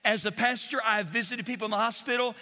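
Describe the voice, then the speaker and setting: A middle-aged pastor delivers an animated, emotional sermon, stumbling and repeating words as he tells his stories. His voice sits high and bright, and it rings out with a long reverb through a large church hall. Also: fast talker. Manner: animated, emotional storytelling with repetitions.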